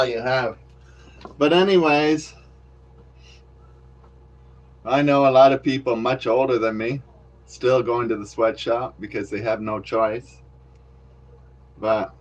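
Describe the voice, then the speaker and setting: A man's voice: mid-range voice, fairly even intonation, slow, long pauses, poor audio. A man vlogging outdoors near a construction site, rambling wryly and cursing freely into a handheld camera. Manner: profane, rambling and wry. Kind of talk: casual rambling monologue to camera.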